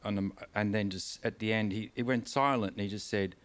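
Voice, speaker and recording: An Australian man with a somewhat low voice tells his stories on stage. He rambles and restarts often, swears casually, and sounds candid and unpolished, as in a live conversation in front of an audience. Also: steady tone, a little fast. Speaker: guest author. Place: stage of a concert venue.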